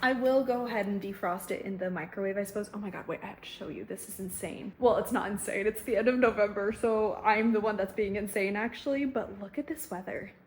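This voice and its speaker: A young woman vlogging casually from her home kitchen, talking into a handheld phone camera in quick, chatty bursts full of "oh my God". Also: mid-range voice, slight background noise. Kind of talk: casual vlog chat.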